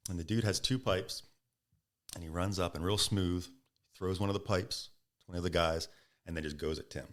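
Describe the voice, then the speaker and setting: A man with a very low voice tells a story as a podcast guest. He talks casually and acts out the lines of the people in it. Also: moderate pace. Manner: animated, acts out quoted speech.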